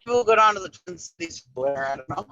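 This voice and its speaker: A woman's voice: fairly low pitch, animated, fast talker, dull audio, over music. A woman in her forties with a Finnish-influenced Upper Midwest accent, chatting and laughing as a co-host. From northern Wisconsin. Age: 40s. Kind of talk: casual chat.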